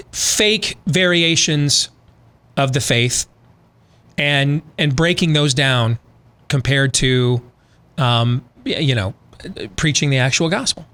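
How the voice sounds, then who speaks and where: A male talk radio host with a slightly high voice, leaning on rhetorical questions in a loose, emphatic monologue. He shifts easily into a sponsor read without losing the conversational tone. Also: pushed and bright.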